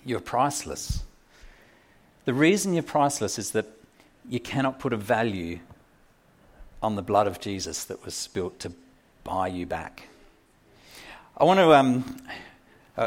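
A man's voice: fairly low pitch, expressive, a little slow, long pauses. A man preaching a sermon in a conversational way, with small fillers and restarts.

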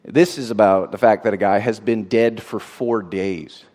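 A man preaching a sermon in an expressive way, moving from loud emphasis to a hushed, tender tone. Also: lowish voice, normal speed.

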